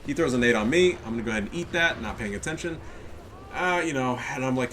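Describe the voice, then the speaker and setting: A man casts a match with swagger and constant swearing, his voice swinging widely in pitch. His tone is bright and edgy, with a slightly stuffy nose. A little room ambience sits faintly behind him. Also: fast talker, slight background noise. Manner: profane, animated, cocky. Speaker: game caster. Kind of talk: casual game commentary.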